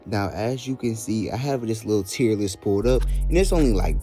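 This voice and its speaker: A man's voice: on the low side, a little fast, soft background music. A young man with a Southern US accent giving blunt, profane commentary as a YouTuber. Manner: blunt, profane, animated ranting. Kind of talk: casual commentary.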